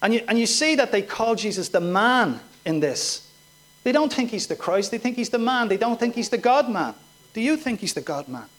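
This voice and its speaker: A man with a high voice preaches a sermon, working through scripture verse by verse. He pushes his points with emphasis and keeps putting pointed questions to his listeners. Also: big pitch swings, normal speed.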